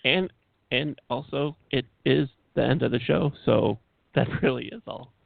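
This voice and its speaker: A man's voice: mid-range voice, unhurried, gravelly, no echo. A man co-hosting a casual radio talk show, easygoing with dry humor and hesitant ums. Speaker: co-host. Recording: dry, tinny phone line.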